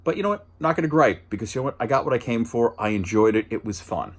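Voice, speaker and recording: A man's voice: expressive, fast. A man hosting a casual movie review, rambling and chatty, with restarts and dry asides. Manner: jumps higher and louder when mimicking lines.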